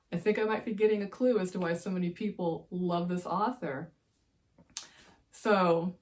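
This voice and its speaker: A woman who writes romance, chatting casually and enthusiastically about books she loved, wandering into side stories. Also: fairly low pitch. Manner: gushing, digressive, enthusiastic. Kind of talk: casual book-review chat.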